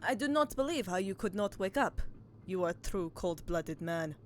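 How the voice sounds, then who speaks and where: A woman voicing a menacing male Russian sailor in a put-on Russian accent, slowly threatening a captive and ending lines with a mocking "hmm?". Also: mid-range voice, animated, background noise, close to an everyday voice. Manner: slow threatening interrogation with mocking "hmm?" tags. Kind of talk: reading game dialogue aloud.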